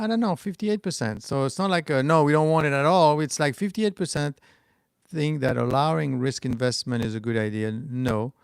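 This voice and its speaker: A middle-aged man with a French accent hosts a stock market livestream, rambling loosely, restarting sentences, and answering chat comments. His mid-range voice is gravelly with a darkish tone, recorded at studio quality with no echo.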